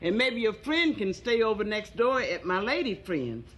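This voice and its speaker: A woman's voice: medium pitch, sing-song, normal speed, a bit bright. A woman playing a brassy, bawdy landlady. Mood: sassy. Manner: sassy, brassy. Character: bawdy rooming-house landlady.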